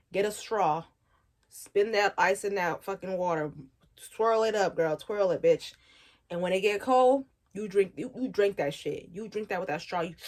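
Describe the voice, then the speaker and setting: A young woman in her twenties talks straight to her viewers in a loose, slangy, frank way. Her voice sits at an ordinary middle pitch, and she laughs at her own jokes as she goes. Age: 20s. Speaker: vlogger. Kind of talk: casual chat.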